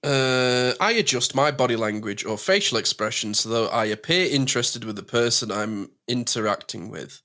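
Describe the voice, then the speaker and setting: An English man co-hosting a podcast, chatting casually and animatedly with quick asides. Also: medium pitch, lively intonation, bright, forceful tone. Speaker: podcast co-host. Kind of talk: casual chat.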